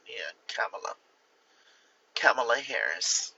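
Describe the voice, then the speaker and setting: A man's voice: mid-range voice, expressive, moderate pace, pushed and bright, dry recording, lo-fi sound. A man hosting a livestream, giving blunt, opinionated views and talking straight to his viewers. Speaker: livestream host. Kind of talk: casual livestream talk.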